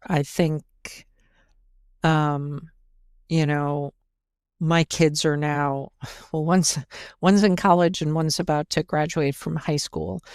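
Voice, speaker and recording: Chatty woman telling her story, smooth voice. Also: low voice, a little mellow, no echo, clean studio sound. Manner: chatty, full of fillers and quoted asides. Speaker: podcast guest, brewpub co-owner. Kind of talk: casual interview chat.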